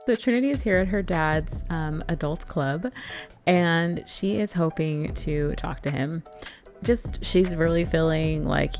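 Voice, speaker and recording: A woman casually narrating a life-sim game story, chatty and quick to laugh. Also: sits low, darkish tone, faint music behind. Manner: chatty, laughs often, lots of fillers. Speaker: let's play narrator.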